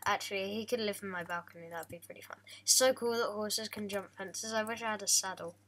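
A young woman talks through her game in a loose, joking way, teasing her viewers and the animals on screen. Her voice is bright and clear at a middle pitch, and mouse clicks sound under her talk. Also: fast talker. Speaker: gaming vlogger. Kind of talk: casual game commentary.

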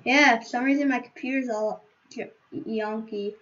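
High, bright-voiced playful gaming streamer woman. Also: fairly even intonation, normal speed, dull audio. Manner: playful, rambling, silly asides. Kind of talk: casual gameplay chatter.

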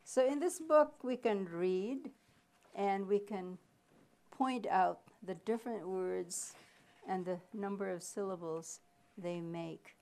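A woman presenting a reading workshop, explaining slowly with pauses and asking questions, then answering them herself. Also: medium pitch, darkish tone. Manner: slow, deliberate explaining with pauses. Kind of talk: live teaching workshop.

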